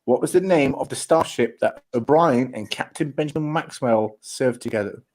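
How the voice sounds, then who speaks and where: A man's voice: medium pitch, moderate pace, darkish tone. A man hosting a casual trivia quiz and teasing the players. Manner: joking, teasing. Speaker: quiz host.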